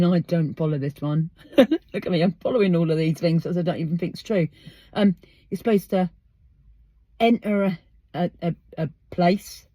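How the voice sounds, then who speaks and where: A lowish, dark voice belongs to an English woman hosting a podcast outside, with no echo in the recording. She chats emphatically in a casual monologue, firing off one rhetorical question after another.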